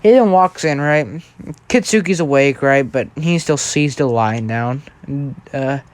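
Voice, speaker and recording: A young man casually recounts a fan-fiction story at a measured pace, his voice medium in pitch. He rambles, restarts often, and keeps checking in with "right?".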